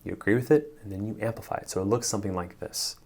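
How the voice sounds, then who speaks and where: A man talks straight to the camera as a relationship coach. His voice is gravelly and sits fairly low, and he speaks emphatically in a conversational way. Now and then he slips into short acted bits of sample dialogue. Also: rapid-fire, noisy background. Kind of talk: direct-to-camera advice talk.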